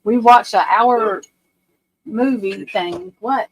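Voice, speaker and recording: A woman's voice: medium pitch, slow, slight background noise, rough recording. A woman hosting a livestream, ranting bluntly and with profanity about a court case. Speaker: livestream host. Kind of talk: casual livestream commentary.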